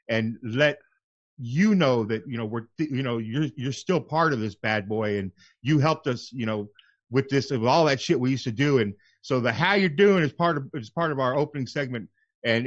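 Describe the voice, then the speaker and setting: A man's voice: medium pitch, no echo. A man hosts a call-in radio show in a loose, casual way, full of fillers and swearing. The sound is dry and a little dull, with no room around it. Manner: laid-back, swears freely, lots of fillers.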